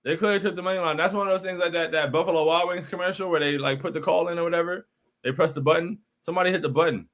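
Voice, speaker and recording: A man's voice: on the high side, steady tone, racing, a bit bright. A young man hosting a postgame livestream, frustrated and repetitive, often saying bro while reacting to chat. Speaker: postgame show host.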